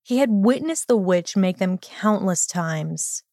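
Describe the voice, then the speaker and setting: A woman reads a fan fiction story aloud in a calm, steady storytelling voice. Her pitch is middling for a woman. The sound is dry, with no room echo. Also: takes it slowly, creaky. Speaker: narrator. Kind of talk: audiobook reading of fan fiction.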